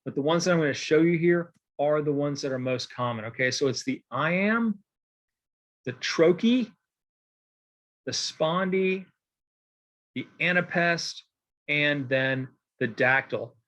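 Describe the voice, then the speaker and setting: A man's voice: fairly high pitch, a little slow, long pauses, fairly bright tone. A man teaching a poetry lesson in a casual, rambling way, full of fillers and frequent "okay?" check-ins while he marks examples by hand. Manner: writes on a board while explaining. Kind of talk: recorded lecture.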